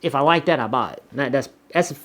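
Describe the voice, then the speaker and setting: A man's voice: mid-range voice, fast, a bit bright. A man with a Southern US accent chatting casually as a vlogger, rambling and repeating words as he reads viewer comments. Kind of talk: casual chat.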